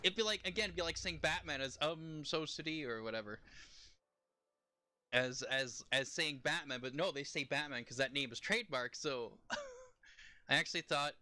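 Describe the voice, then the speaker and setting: A man's voice: a little high, big pitch swings, normal speed, pushed and bright. A young man streaming a game, chatting casually in a rambling way and laughing often. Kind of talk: casual live-stream chat while playing.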